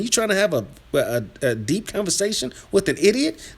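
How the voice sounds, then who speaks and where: A man hosting a live stream, reading chat aloud and trash-talking viewers in a combative, rambling rant that drops to mutters and rises to yelling. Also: very animated, normal speed, few pauses, slightly rough. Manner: swings from low muttering to loud yelling. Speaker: livestream host reading chat.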